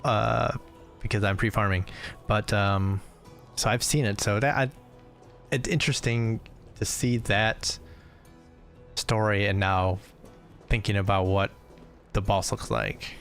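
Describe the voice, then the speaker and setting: A man's voice: fairly low pitch, steady tone, unhurried, pauses often, fairly bright tone, faint music behind. A man streaming a game, rambling and joking as he plays. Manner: rambling, joking, reads lines aloud. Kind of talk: gameplay commentary.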